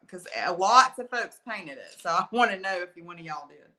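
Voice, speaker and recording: Barely pausing, this art instructor from Alabama talks in a lowish, animated voice at a moderate pace with a sharp tone. Her Southern accent colors a chatty, folksy live painting tutorial, and she has a slight lingering cough from being ill.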